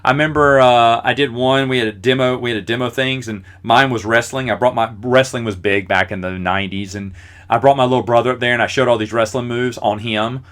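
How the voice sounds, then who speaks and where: A man's voice: medium pitch, fairly even intonation, a little fast, fairly bright tone. A man in his forties hosting a podcast, telling rambling, self-deprecating stories with lots of fillers. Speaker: podcast host. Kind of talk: casual storytelling.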